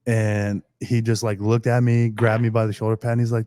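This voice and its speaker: A man's voice: on the low side, flat delivery, fairly quick, dark tone, clean tone, dry recording. Young man, athlete guest, casual storytelling, loose and chuckling, dry close sound. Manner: rambling, laughs often, restarts, curses casually. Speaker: guest, pro football long snapper.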